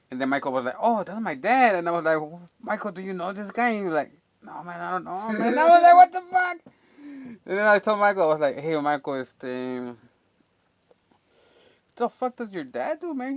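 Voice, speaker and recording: A man's voice: a little high, dry recording. A man telling a long, rambling, profane story from his neighborhood in a casual chat, full of fillers. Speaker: storyteller and channel host.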